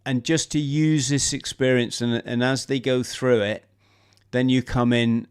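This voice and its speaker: A man hosting a relaxed conversation, his voice smooth and resonant. He comes across as enthusiastic, and his sentences stop and start as he searches for the right words. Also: medium pitch, unhurried. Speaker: host. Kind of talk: casual conversation.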